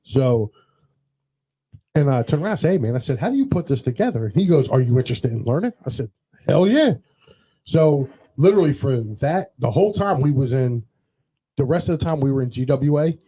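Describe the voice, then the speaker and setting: A man's voice: medium pitch, animated, fairly quick, mellow, slightly rough, low-quality recording. A man hosting a casual podcast, telling rambling stories and acting out what others said. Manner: rambling anecdotal storytelling, quotes others in dialogue. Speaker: podcast host.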